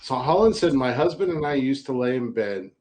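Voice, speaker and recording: A man's voice: mid-range voice, animated, brisk, darkish tone. A man co-hosting a podcast in casual chat, talking bluntly and joking, on a close mic. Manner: blunt, joking, reads listener messages aloud. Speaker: podcast co-host.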